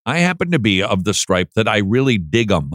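A man hosting a casual talk show, playful and teasing, with animated asides. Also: on the low side, a little fast, dry recording, clean studio sound. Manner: playful, mocks flat reading with droning voice. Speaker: podcast host. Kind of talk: casual chat.

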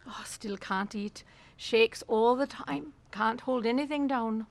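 A woman's voice: on the high side, slow, gravelly. A woman playing an elderly woman in her seventies who nurses a sick man and prays over him earnestly, in a radio drama. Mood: tender. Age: 70s. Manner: earnest, pleading prayer. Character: kindly elderly woman nursing and praying.

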